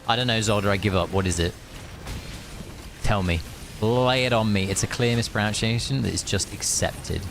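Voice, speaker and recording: Gravelly British man chatting on stream. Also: lowish voice, moderate pace, a little hiss or hum. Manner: chatty and playful, musing aloud. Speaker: game streamer. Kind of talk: casual live-stream chat.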